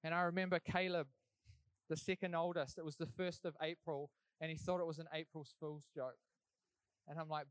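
A man's voice: on the high side, fairly even intonation, normal speed, no echo. A young man telling his life story in an earnest, conversational way, as a church speaker giving testimony. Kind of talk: sermon testimony.

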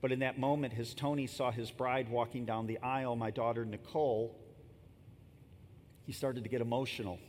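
A pastor in his fifties talks through his sermon at a moderate pace with fairly even intonation, telling stories and casually addressing the congregation. The sanctuary sounds like a large hall, with long reverb and a faint low rumble.

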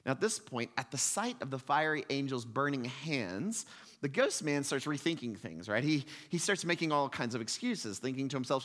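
A man's voice: mid-range voice, expressive, normal speed, a bit bright. A man preaching a sermon as pastor, in a conversational style with frequent questioning asides. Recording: long hall reverb.

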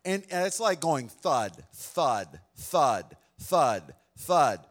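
A man's voice: a little high, very animated, very slow. A male pastor preaching a sermon to a room full of people, telling a story in an earnest, conversational way. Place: room with a congregation.

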